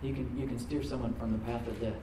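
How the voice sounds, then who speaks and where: A man preaching a sermon as pastor, talking conversationally and dropping to soft, prayerful tones. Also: medium pitch, level tone, quick pace, background noise. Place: church sanctuary. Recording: roomy hall, mic at a distance.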